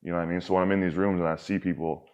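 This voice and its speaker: Young male guest, low-pitched, rambling and sweary, slightly muffled recording. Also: level tone, racing, a little mellow. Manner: rambling, heavy filler words and frequent swearing. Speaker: podcast guest. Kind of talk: candid casual conversation.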